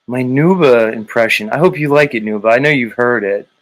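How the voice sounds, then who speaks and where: A man's voice: mid-range voice, low-quality recording. A man hosting a livestream in a casual, teasing way, greeting viewers and reading their comments aloud. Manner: teasing, drawn-out, laid-back. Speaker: livestream host.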